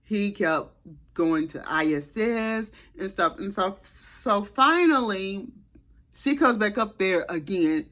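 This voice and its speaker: A woman's voice: mid-range voice, animated, slow, fairly bright tone. A woman vlogger telling a personal story in a casual, chatty way, full of restarts and asides to her viewers.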